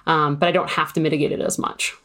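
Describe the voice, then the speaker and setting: Woman w a low voice, rambly, lots of "you know"s. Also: flat delivery, quick pace, fairly bright tone. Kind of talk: casual conversation.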